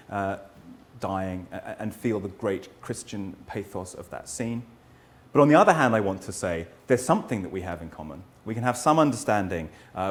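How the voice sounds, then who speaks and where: A lowish-voiced middle-aged man gives a historian's lecture. He poses rhetorical questions in an earnest, thoughtful way, often breaking off and beginning his sentences again.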